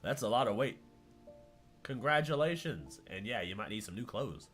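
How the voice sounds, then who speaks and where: A man's voice: medium pitch, expressive, moderate pace, fairly bright tone, soft background music. A man chatting casually on a stream in a laid-back way, swearing and laughing a lot. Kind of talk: casual reaction chat.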